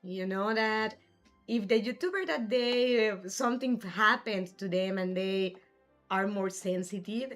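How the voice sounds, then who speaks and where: A woman live-streams a game and chats casually, answering messages from her viewers in an easygoing way. Her pitch sits in a middling range, and a bit of game music plays softly behind her. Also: a little slow. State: has the hiccups. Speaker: livestream gamer host.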